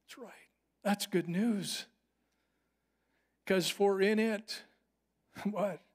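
A middle-aged man preaching a sermon, mixing Bible teaching with a personal story and slowing down to stress key phrases. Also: high voice, fairly even intonation, husky. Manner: earnest, personal storytelling with slowed emphatic phrases. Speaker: pastor.

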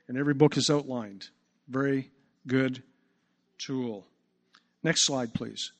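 Emphatic male preacher, slightly raised pitch, stretches words for weight, reverberant hall. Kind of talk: sermon. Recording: long reverb.

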